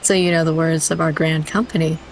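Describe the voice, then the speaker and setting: Young woman gaming stream, giggly chatty asides, lowish voice, faint noise in the back. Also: fairly even intonation, fairly quick. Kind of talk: casual game stream commentary.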